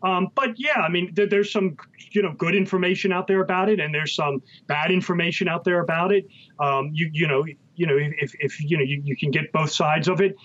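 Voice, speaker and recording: A man answering interview questions as a guest author, halting and full of ums and restarts. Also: fairly high pitch, a bit bright. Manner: hesitant, many ums and restarts. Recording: muffled lo-fi sound.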